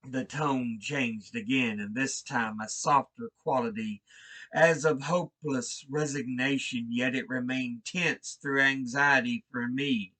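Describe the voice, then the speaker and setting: A man reading a horror story aloud in a slow, brooding, theatrical style. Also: on the high side, fairly even intonation, sharp tone. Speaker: reader. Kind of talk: dramatic horror story narration.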